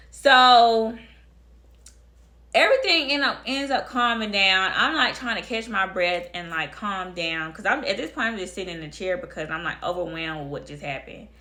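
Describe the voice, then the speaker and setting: A woman's voice: mid-range voice, pushed and bright. A young woman telling a personal story to her viewers in a blunt, emphatic way, repeating phrases for effect. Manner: addresses viewers directly. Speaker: storytime vlogger. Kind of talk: casual storytelling to camera.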